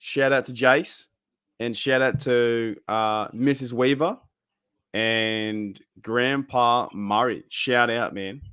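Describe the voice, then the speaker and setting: A young Australian man rambles through a casual livestream, reading chat and thinking out loud. His voice sits at an ordinary middle pitch, loose and easygoing, with plenty of fillers between thoughts. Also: steady tone, slow, clean tone. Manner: rambling, reads chat aloud, loose and chatty. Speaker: livestream host.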